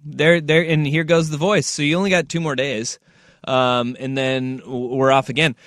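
A male radio host chatting casually, animated and playful, rambling through stories. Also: mid-range voice, moderate pace, dry recording, studio quality.

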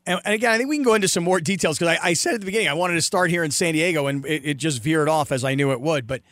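Podcast host guy, slightly high voice, dry close mic, lots of ums. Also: fairly bright tone, no echo. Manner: halting, reflective, lots of fillers. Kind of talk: casual reflective interview. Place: San Diego.

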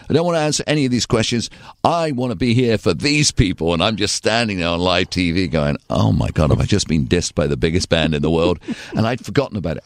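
An English man, a guest in a podcast interview, telling lively anecdotes and acting out the voices of the people he quotes. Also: sits low, no room sound, studio quality. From England. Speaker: guest, radio and TV personality.

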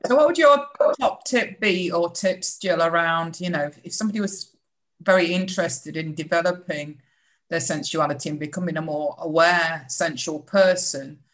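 Measured woman interviewer. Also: lowish voice, fairly bright tone, poor audio. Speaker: host. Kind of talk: conversational interview.

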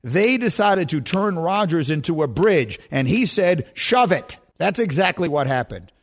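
A man on sports radio delivering a fired-up opinion segment. His voice sits high and swings widely in pitch as he hammers home point after point with rhetorical questions. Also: normal speed. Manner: emphatic, rhetorical questions, animated.

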